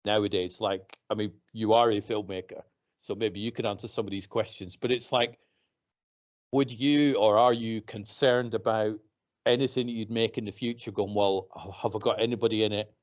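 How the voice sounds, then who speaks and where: A man hosting a casual podcast chat, animated, mocking others by putting on voices. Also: lowish voice, normal speed. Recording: dull lo-fi podcast audio.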